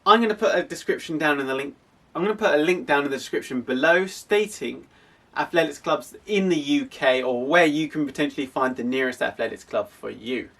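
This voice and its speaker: A man's voice: a little high, fairly quick, fairly bright tone, far from the mic. A young man from an athletics club, explaining casually with frequent restarts. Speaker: athletics club coach and host.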